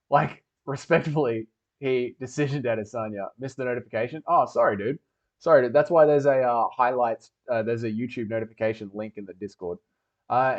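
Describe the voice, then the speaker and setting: A man's voice: medium pitch, lo-fi sound. A man hosting a livestream, reading chat and rambling with jokey, sweary banter.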